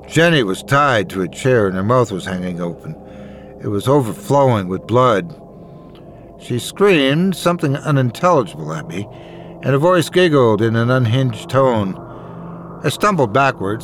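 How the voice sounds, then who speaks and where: A man with a mid-pitched voice reading a first-person horror story aloud. His delivery is measured and dramatic, with faint noise behind him.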